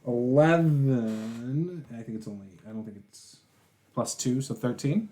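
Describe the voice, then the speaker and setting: A woman running a tabletop game as game master, calm and quick to laugh. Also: extremely low pitch.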